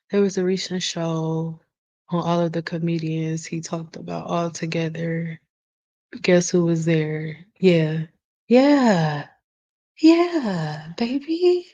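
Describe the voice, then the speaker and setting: Woman, cosmetologist, casual vlog rant, blunt and profane, slightly low voice, unhurried delivery. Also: warm tone, highs cut off. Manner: emphatic, blunt, swears freely; talks straight to the audience, calls them y'all.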